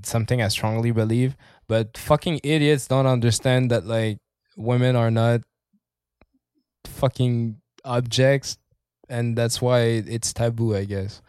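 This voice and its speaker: Man, casual co-host, middle pitch, rambling and profane, dry close sound. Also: fairly even intonation, a little slow, a little mellow, smooth, dry recording. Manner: rambling, swears often, laughs mid-sentence. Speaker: podcast co-host. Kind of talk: casual chat.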